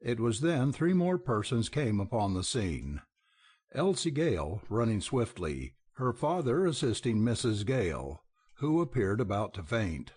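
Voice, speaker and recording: Husky, slow male audiobook narrator. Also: lowish voice. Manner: measured, expressive reading. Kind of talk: scripted narration.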